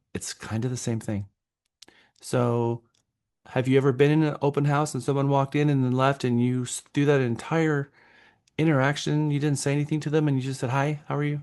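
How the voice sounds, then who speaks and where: A man's voice: mid-range voice, a little mellow. Encouraging Texan man coaching a class. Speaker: real estate trainer. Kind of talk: classroom training talk.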